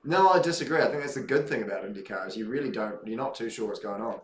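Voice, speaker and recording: A man's voice: fairly low pitch, lively intonation, fast. Dry-humoured man in a roomy space. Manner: dry, teasing, swears casually. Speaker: stream co-host. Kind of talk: casual race commentary banter.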